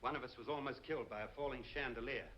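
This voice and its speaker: An actor playing a stern old-film doctor. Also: male voice, mid-range voice, fairly even intonation, highs cut off, a little hiss or hum, close to an everyday voice. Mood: grave. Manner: measured, stern and deliberate. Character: calm, probing male doctor, middle-aged. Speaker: doctor character in a 1959 horror film. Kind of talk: 1950s film acting.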